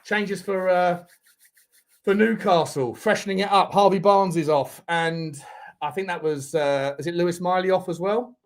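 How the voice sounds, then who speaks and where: Young male fan-channel host, high-pitched, excitable live match caller who shouts and swears. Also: moderate pace. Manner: talks to viewers directly. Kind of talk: live football watchalong commentary.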